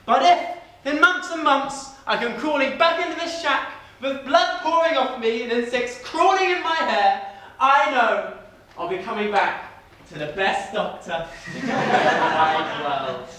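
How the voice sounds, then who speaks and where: A man's voice: extremely high pitch, a little slow, sharp tone, full character voice. A man playing a melodramatic, bold adventurer in a stage pantomime. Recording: echoey hall from far off.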